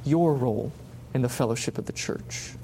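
A man's voice: medium pitch, moderate pace, vocal fry, warm tone, slight background noise. A man preaching a sermon, passionate and full of repeated rhetorical questions.

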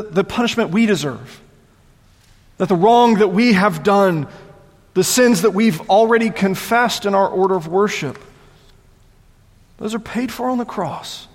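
A man preaching a sermon as pastor, conversational and animated, often repeating words as he goes. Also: sits high, in a large hall.

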